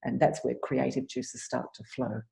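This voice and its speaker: A woman's voice: very deep voice, flat delivery, normal speed, creaky, warm tone. A woman coach explaining a visualization method step by step in an online talk, acting out the questions she would ask a client. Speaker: arts business coach. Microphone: video call.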